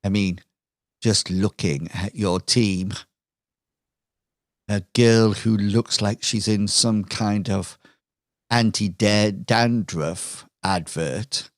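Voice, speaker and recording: A man's voice: lowish voice, no room sound, studio quality. A man putting on a smug villainess. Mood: mocking. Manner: taunting, drawn-out sly delivery. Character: smug scheming villainous woman, mocking and condescending. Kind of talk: tabletop game character voice.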